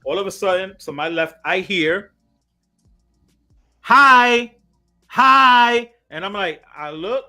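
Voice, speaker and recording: A man, a podcast host, telling a story in casual chat, animated and swearing a lot, acting out quotes loudly. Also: high-pitched, moderate pace, hardly any pauses, faint music behind.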